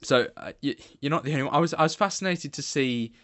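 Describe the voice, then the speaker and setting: A man from the UK hosting a podcast in casual chat, measured and thoughtful as he asks his guest questions. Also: fairly high pitch, a bit bright, no echo. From United Kingdom. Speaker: podcast host.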